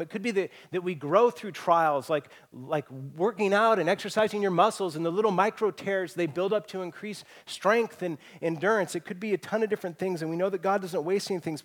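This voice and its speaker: Earnest man preaching a sermon. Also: a little high. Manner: earnest, animated preaching with frequent restarts. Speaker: pastor.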